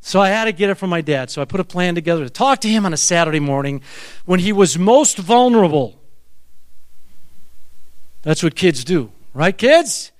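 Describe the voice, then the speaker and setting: A man in his seventies preaching a sermon, telling a personal story with animated delivery and calling out to the audience. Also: high-pitched, normal speed, long pauses, no echo, studio quality. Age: 70s.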